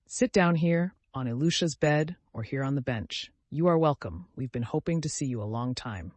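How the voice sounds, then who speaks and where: A man reading aloud and voicing an excitable, eager-to-please poor father who is close to tears, in an audiobook. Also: medium pitch, normal speed, no echo, close to an everyday voice. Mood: eager welcoming. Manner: fervent, fawning, near tears. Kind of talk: audiobook character voice.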